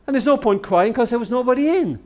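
Older man, tender storytelling, high voice, very expressive melody. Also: fast. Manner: tender, addressing a grandchild as darling. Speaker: speaker and author. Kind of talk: heartfelt storytelling talk.

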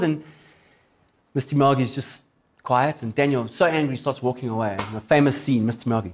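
A man preaching a sermon as a pastor, telling a story in a casual, animated way. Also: medium pitch, brisk.

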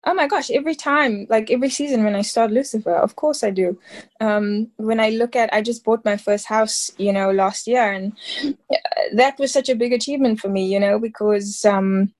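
Speaking at a moderate pace in a slightly mellow voice on the high side, this woman is a thirties-aged actress from South Africa. As a guest in an interview, she chats casually, rambling and filling her speech with fillers.

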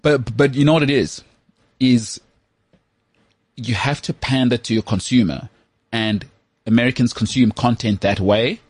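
A South African man co-hosting a sports podcast who works as a voice artist, talking in an animated, opinionated way. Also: mid-range voice, a little slow, long pauses, slightly rough, no echo. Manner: animated, opinionated, mimics accents. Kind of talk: casual chat.

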